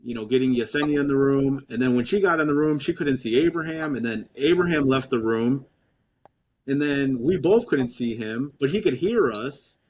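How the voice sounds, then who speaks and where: A man's voice: mid-range voice, moderate pace, darkish tone, highs cut off. A man hosting a podcast, recapping the night's troubles in a rambling, casual storytelling way. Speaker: podcast host. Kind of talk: casual chat.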